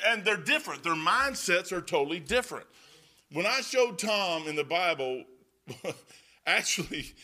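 Man preacher, folksy and rambling, bright forceful tone, slightly high voice. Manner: reads scripture aloud in old-style wording. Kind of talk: sermon with personal stories.

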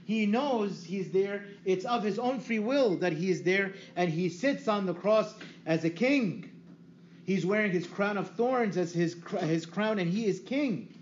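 A man preaching a teaching sermon, lively and asking his listeners questions he then answers himself. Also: sits high, a little slow. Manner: lively, asks the audience questions and answers them. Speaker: priest. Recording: echoey room, dull lo-fi sound, faint hiss.

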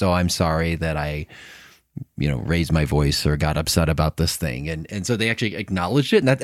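A man in his thirties co-hosting a faith podcast, talking in a warm, earnest way and laughing easily. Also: sits low, no echo, studio quality. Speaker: podcast co-host. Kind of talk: casual conversation about marriage and faith.

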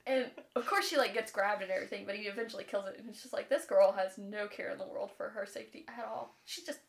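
This podcast co-host, a young woman, chats lively and informally about a book, cursing often and briefly imitating its characters. She has a medium-pitched, creaky voice, with a slight hiss or hum in the recording.

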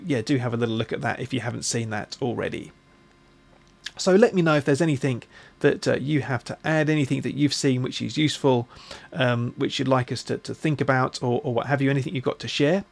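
A man hosting a podcast, talking in a musing, halting way with many restarts. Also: medium pitch, gravelly. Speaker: podcast host. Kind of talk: casual reflective monologue.

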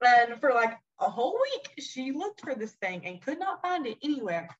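A woman guest on a podcast, telling stories in a lively, laughing way. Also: fairly high pitch, moderate pace. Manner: animated, laughing storyteller. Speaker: podcast guest, worship leader. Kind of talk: casual chat. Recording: dull lo-fi recording.

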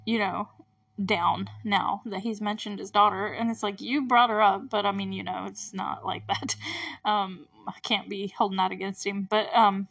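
A woman's voice: medium pitch, steady tone, moderate pace, creaky, a bit bright. Woman host, casual recap, rambling, giggly, filler-heavy. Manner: rambling, full of fillers and frequent laughs. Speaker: podcast host.

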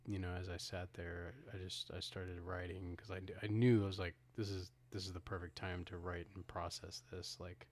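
A man's voice: low voice, flat delivery, normal speed, hardly any pauses. A man co-hosting a podcast, retelling a movie's ending in casual talk with many restarts and acted-out quotes. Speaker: podcast co-host. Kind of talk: casual film discussion.

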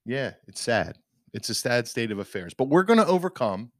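A man holds forth on a casual podcast, emphatic and ranting, often restarting his sentences. His pitch rises and falls widely. The sound is dry and close. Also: very animated, moderate pace, dry recording. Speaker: podcast co-host. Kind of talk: casual opinion chat.

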